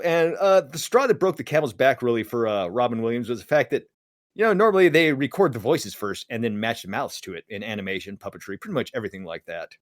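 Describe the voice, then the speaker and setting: A man's voice: mid-range voice, no echo, studio quality. A man co-hosting a casual podcast, telling a story and acting out the voices of the people he quotes. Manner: animated, acts out quoted voices. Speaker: podcast co-host.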